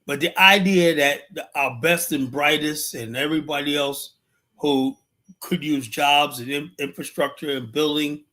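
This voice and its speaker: A man with a slightly higher voice delivering an impassioned, rhetorical livestream monologue as a political commentator, repeating himself and pausing to search for words. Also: bright, forceful tone.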